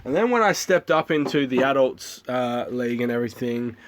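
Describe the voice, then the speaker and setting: A man's voice: medium pitch, expressive, a little fast. A man with an Australian accent hosting a livestream, telling stories in a rambling, casual way with repeated words and free swearing. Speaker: livestream host. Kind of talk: casual chat and joke telling.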